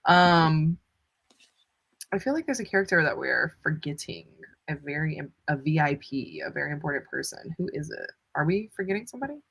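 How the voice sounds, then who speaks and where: A woman's voice: sits low, expressive, brisk, gravelly, fairly bright tone, breathy edge. A young woman co-hosting a book club, chatting enthusiastically with playful asides. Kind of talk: casual chat.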